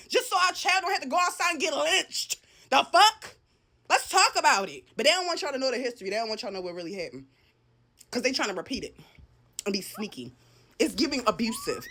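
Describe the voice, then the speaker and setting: Woman, high-pitched, profane heated rant to camera. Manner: profane, heated, swings from shouting to low muttering. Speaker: social media commentator. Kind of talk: angry ranting monologue.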